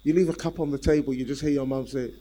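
A male preacher giving a sermon in an animated, repetitive way and calling out to the congregation. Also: medium pitch, fast, low-quality recording.

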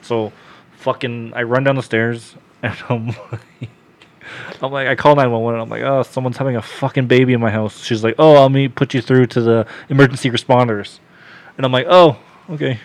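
A man's voice: mid-range voice, steady tone, normal speed. A man telling a story on a casual podcast, swearing often, laughing, and acting out what people said to him. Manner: profane, laughing, quotes himself and others.

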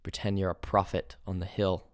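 Deep-voiced young man rambling on a podcast. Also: level tone, normal speed, dry recording, studio quality. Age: 20s. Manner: rambling, playful, self-mocking. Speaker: podcast host. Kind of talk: solo podcast rant.

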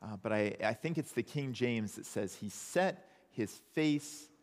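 Lively-voiced pastor in a reverberant hall. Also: male voice, medium pitch, measured pace. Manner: conversational, animated storytelling. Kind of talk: sermon.

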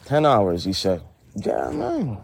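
A man's voice: medium pitch, vocal fry, a little mellow, a little hiss or hum, pitched below the performer's own voice, full character voice. A man voicing a brash middle-aged character with a Spanish-inflected English accent who calls everyone honey and rambles in street slang. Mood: indignant. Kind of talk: comedy sketch dialogue.

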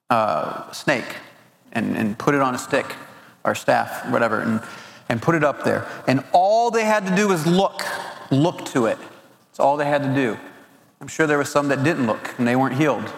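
A man's voice: mid-range voice, gravelly. A man giving an earnest camp sermon, stumbling and repeating words as he goes. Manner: earnest, repeats words while searching for them. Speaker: camp speaker. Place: large hall at a family camp. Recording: roomy hall with long reverb.

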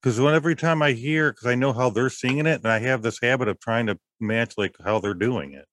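A man's voice: mid-range voice, brisk, a bit bright, no echo. A man co-hosting a podcast, chatting casually in a hesitant, self-doubting way full of fillers. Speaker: podcast co-host. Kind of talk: casual chat.

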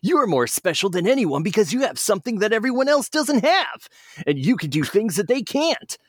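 A man's voice: sits high, wildly swooping pitch, normal speed, a bit bright, no echo, pitched above the performer's own voice, full character voice. A man voicing a kind, confident young male hedgehog hero in a storybook reading, in an upbeat, encouraging voice.

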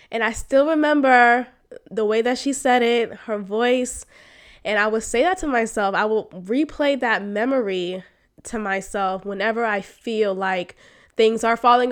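Emotional, animated woman telling her story. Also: a little high, measured pace. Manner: emotional, animated, swings to loud exclamations; frank, uses slang and swearing. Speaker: podcast host. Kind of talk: candid personal storytelling.

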